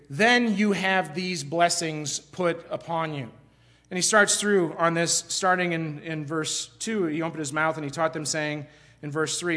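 A middle-aged man from Iowa gives a sermon in a conversational style. His voice sits a little high for a man, and he talks in an animated way, rising and dropping as he stresses points and often restarting his sentences. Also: measured pace. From Iowa, USA. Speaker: pastor.

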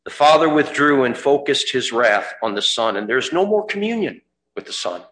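A man preaching a sermon, dramatic, rising to fervent cries at the high points. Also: expressive, normal speed, echoey room, noisy background.

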